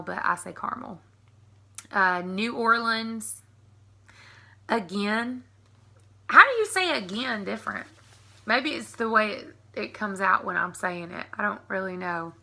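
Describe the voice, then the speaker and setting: A woman's voice: mid-range voice, vocal fry, pushed and bright. A woman in her thirties with an East Tennessee Southern accent, chatting casually and laughing as she reads a list of words on her vlog. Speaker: YouTube creator.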